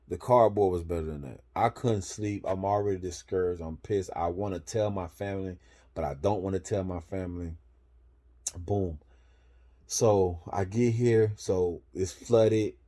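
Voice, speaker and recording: A man with a low, mellow voice tells a story in loose, profane slang. He comes from Florida. His talk rolls along with "boom" between each step. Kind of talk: casual storytelling.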